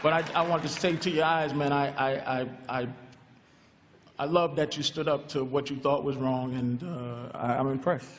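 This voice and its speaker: A man's voice: medium pitch, steady tone, moderate pace, slight background noise. A man doing brash, profane stand-up live on stage, stammering as he talks. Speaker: stand-up comedian. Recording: live hall with a crowd.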